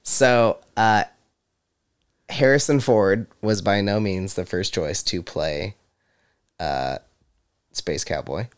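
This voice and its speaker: Man, podcast co-host, casual chat, low voice, smooth tone, trivia-sharing. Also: slow pace, pauses often. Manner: chatty, trivia-sharing, laughs often.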